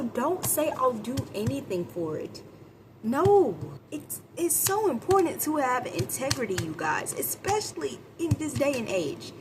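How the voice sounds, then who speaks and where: Woman, casual movie reviewer, animated, chatty, mid-range pitch, noise heard behind her. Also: rough recording. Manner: animated, acts out characters' lines in quick voices; chatty, addresses viewers as y'all.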